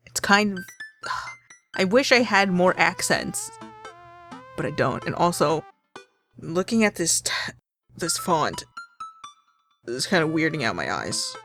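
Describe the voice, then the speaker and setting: A woman's voice: on the low side, fairly bright tone. A woman hosting a let's play, chatting and reading the story aloud with laughs and swearing. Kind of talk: casual game commentary and narration.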